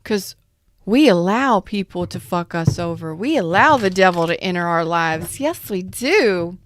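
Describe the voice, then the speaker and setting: A woman hosting a live tarot reading, talking in a blunt, profane rant that calls viewers out. Her voice is smooth and clear, recorded close and dry with no room sound. She answers chat comments as she goes. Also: on the low side, animated, measured pace, dry recording. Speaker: tarot reader.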